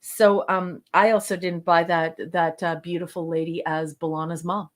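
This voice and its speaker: A woman co-hosting a podcast, chatting casually through a review, halting with frequent fillers and restarts. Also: fairly low pitch, flat delivery. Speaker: podcast co-host. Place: lives in Canada.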